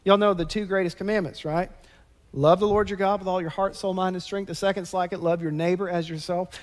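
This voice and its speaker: A man's voice: sits high, fairly even intonation, fairly quick. A man, preaching a sermon in a conversational, impassioned way that rises to emphatic peaks. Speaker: pastor. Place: church sanctuary. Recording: long church-hall reverb.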